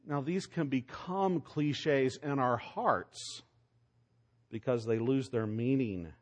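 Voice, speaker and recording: A man preaching a sermon, emphatic, asking rhetorical questions and swinging between loud lines and soft ones. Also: medium pitch, sing-song, takes it slowly. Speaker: pastor.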